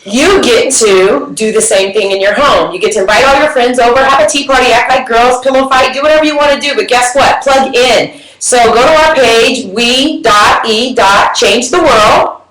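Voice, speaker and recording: An upbeat woman who co-founded a women's group speaks in casual livestream talk, affirming and quick to agree. Her voice sits at a middle pitch. The room around her is echoey. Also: a bit bright.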